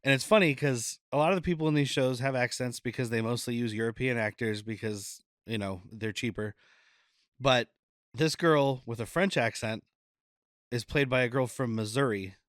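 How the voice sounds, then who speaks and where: A man's voice: medium pitch, normal speed, a bit bright, no echo, studio quality. A man co-hosting a podcast, chatting casually and laughing often as he recaps an episode. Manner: laughs often, loose and rambling. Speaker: podcast co-host. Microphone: podcast mic on camera.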